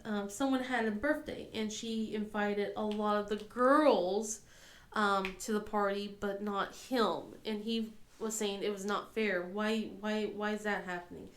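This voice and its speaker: A woman's voice: mid-range voice, a little hiss or hum. A woman in her thirties chatting casually as a crafting vlogger, rambling with lots of fillers and laughing often. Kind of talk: casual chat. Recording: echoey room.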